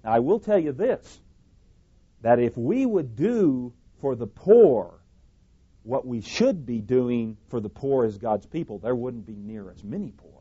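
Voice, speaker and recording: A man delivers a sermon in an emphatic way, circling back over his own phrases and correcting himself mid-sentence. His voice sits at an ordinary middle pitch. The recording sounds a little dull and lo-fi. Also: sing-song, measured pace, mellow, breathy edge. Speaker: preacher.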